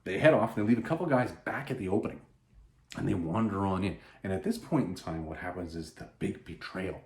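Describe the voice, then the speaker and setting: A man casually recapping a comic book, animated and rambling, often restarting his sentences. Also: deep voice, brisk, a little hiss or hum. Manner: animated, rambling, self-interrupting. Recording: roomy echo.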